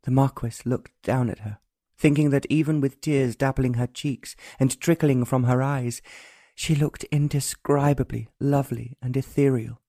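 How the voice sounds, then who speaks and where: A man narrating a romance audiobook in an even, unhurried storytelling manner. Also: medium pitch, no room sound, studio quality. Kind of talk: scripted narration.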